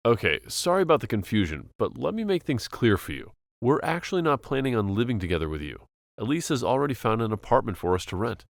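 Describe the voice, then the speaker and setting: A man's voice: medium pitch, very animated, quick pace, gravelly, dry recording, clean studio sound. Man playing an exasperated college son. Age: young adult. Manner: exasperated, pleading.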